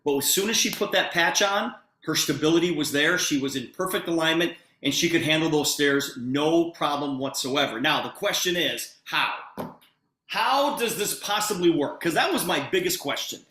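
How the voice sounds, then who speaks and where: A man pitching a product on a video call with eager, persuasive energy, speaking straight to his listeners. His voice is bright and forceful. The sound is roomy, with a clear echo around him. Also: lively intonation, moderate pace. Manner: eager, persuasive, addresses audience directly. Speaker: presenter.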